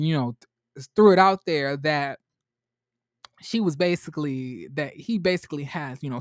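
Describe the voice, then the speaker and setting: A man hosting a casual TV recap vlog, retelling scenes in an animated, gossipy way and acting out quotes. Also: a little high, no room sound, studio quality. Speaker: TV review host.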